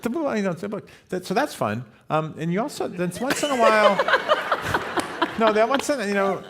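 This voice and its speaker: Easygoing older man, mid-pitched voice. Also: wildly swooping pitch, moderate pace, heavy background noise. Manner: easygoing, many fillers and restarts, quoting students. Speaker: Stanford lecturer and co-author. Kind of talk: storytelling at a live talk.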